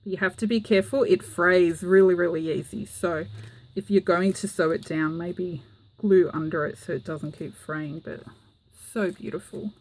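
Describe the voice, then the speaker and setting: A woman's voice: on the low side, normal speed, slight background noise, rough recording. A woman, chatting casually and giggling as she shows a handmade journal to the camera. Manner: giggly, chatty, with frequent fillers. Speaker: craft vlogger. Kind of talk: casual show-and-tell.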